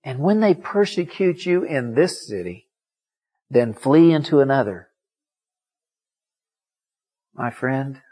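Male preacher, husky voice, emphatic storyteller in a sermon. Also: mid-range voice, a little mellow. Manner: emphatic storytelling, acts out quotes.

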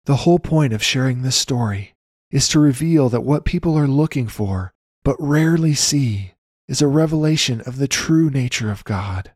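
Husky man reading a devotional story. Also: medium pitch, animated, darkish tone, dry recording, clean studio sound. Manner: earnest, measured reading with scripture citations. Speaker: Christian storyteller. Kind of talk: read devotional testimony.

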